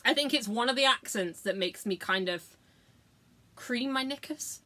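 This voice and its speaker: A woman's voice: on the high side, moderate pace, pushed and bright. A woman, chatting casually through a makeup tutorial, sweary, giggly and self-mocking. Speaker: beauty vlogger.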